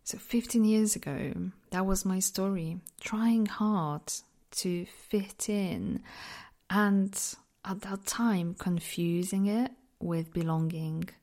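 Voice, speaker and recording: Speaking slowly in a mellow, medium-pitched voice, this podcast host from Poland carries a mixed Polish-British accent. She reflects alone on her show in a frank, self-deprecating manner and laughs often.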